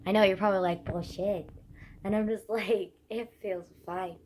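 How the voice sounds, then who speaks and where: A young woman with a hoarse, croaky, scratchy voice, chatting casually to camera, rambling and swearing as she talks. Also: mid-range voice, steady tone, moderate pace, darkish tone. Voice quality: scratchy rasp. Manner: rambling, swears often, heavy use of "like". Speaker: vlogger.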